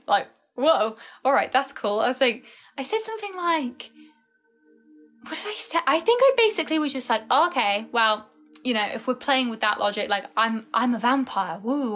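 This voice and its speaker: A woman's voice: fairly high pitch, a bit bright. Tired, chatty young woman. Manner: rambling, chatty, frequent "like" fillers. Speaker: livestreamer. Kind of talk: casual live-stream chat.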